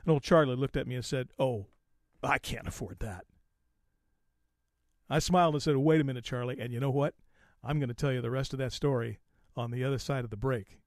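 A man hosting an automotive podcast, telling a story in a folksy, animated way and acting out the quoted lines. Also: mid-range voice, quick pace, dry recording, studio quality. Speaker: podcast host.

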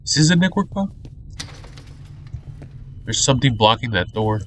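A man's voice: medium pitch, sing-song, moderate pace, fairly bright tone, slight background noise. A man doing let's play commentary on a horror shooter, jumpy, cursing often and muttering nervously. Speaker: gamer playing a horror shooter.

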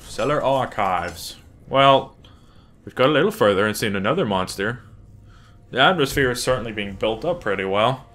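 A man's voice: medium pitch, animated, normal speed, a bit bright. A man giving profane, jumpy let's play commentary on a horror game, scolding the objects in it. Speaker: gamer.

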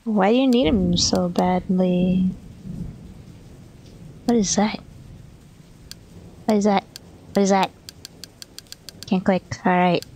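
A woman's voice: medium pitch, steady tone, slow pace, pauses often, mellow, slight background noise, poor audio. A woman playing a video game and chatting casually, swearing, laughing and reading dialogue choices aloud. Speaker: gameplay streamer. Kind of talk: casual let's play commentary. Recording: game music behind voice.

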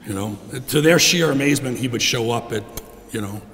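A middle-aged man giving a heartfelt funeral eulogy for his father in a church, clearing his throat often. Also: mid-range voice, a little fast, fairly bright tone. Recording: long reverb in a church.

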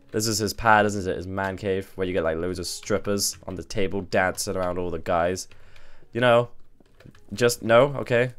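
A man giving casual, swearing commentary while playing a game. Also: on the low side. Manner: chatty, swears, thinks aloud. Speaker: gaming video host. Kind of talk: let's play commentary. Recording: faint background music.

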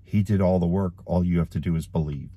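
Deep husky man preaching urgently. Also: steady tone, fast, warm tone, no echo. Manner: urgent, pleading, repeats himself. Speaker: online preacher. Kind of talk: gospel appeal to camera. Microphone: camera.

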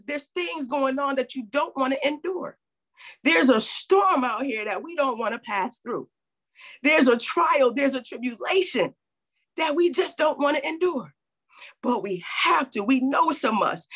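Woman pastor, high voice, breathy, preaching a sermon with call-and-response. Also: a bit bright. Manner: acts out Bible figures in quoted voices.

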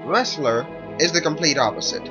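A man's voice: fairly high pitch, normal speed. A man hosting a let's play, giving casual, rambling commentary and correcting himself as he explains the game. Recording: lo-fi with game music behind.

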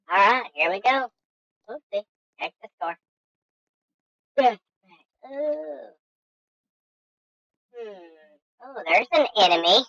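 A woman hosting a let's-play game commentary, goofy and excitable, talking to herself and making silly sound effects. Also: on the high side. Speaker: gaming channel host. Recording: dull lo-fi dry recording.

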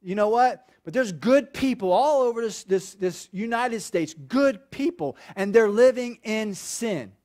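High-voiced preacher, conversational. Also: male voice, animated, unhurried, hardly any pauses. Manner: conversational preaching with repeated "okay" checks, rising to loud emphatic peaks. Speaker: pastor. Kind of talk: sermon.

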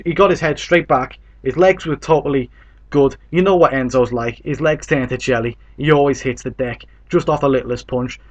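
A man from Britain talks boxing in a loose, unscripted rant. He is blunt and swears freely, and his voice sits in an ordinary middle pitch as he gets fired up. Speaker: boxing commentator. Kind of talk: casual opinion commentary.

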